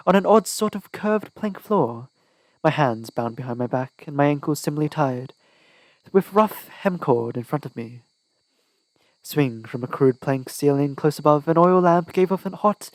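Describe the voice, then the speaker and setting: A man's voice: fairly high pitch, no echo, poor audio. A man narrating an audiobook in the first person with a dramatic, tense delivery. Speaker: audiobook reader.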